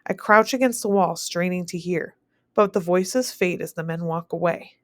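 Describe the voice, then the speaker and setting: A woman teacher reads a novel aloud in the first person, keeping a steady, even pace with the odd slip. Her voice sits a bit low for a woman, and the recording is dry and close, with no room sound. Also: moderate pace, no room sound.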